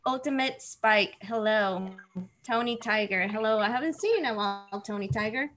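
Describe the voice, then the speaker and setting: A woman's voice: fairly high pitch, normal speed, fairly bright tone, slight background noise. A woman hosting a livestream, chatting casually and greeting viewers by name with a giggly manner. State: nervous. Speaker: livestream host. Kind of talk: casual chat.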